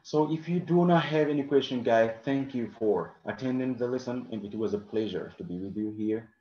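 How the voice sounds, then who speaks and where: A man's voice: mid-range voice, a little fast, echoey room, lo-fi sound, a little hiss or hum. A man teaching an English lesson live online, answering questions from the chat and often adding "okay" and "of course".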